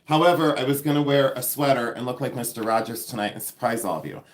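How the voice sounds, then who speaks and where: A man's voice: medium pitch, fast. A man hosting a casual live jewelry-sorting stream from home, chatty and sassy, joking at his own expense. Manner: sassy, chatty, self-mocking humor. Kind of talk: casual livestream chat.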